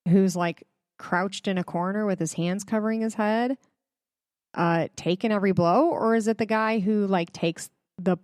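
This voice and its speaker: A woman's voice: mid-range voice, no room sound, studio quality. A woman hosting a casual religious commentary, chatty and emphatic, with many fillers, speaking straight to her viewers. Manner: addresses viewers directly. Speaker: host.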